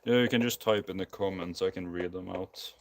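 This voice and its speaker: This streamer has a low-pitched voice with vocal fry and fairly even intonation, speaking a little fast. Tired and Scandinavian-accented, he rambles casually through ums and restarts while assembling a guitar live. He's using a basic non-professional microphone.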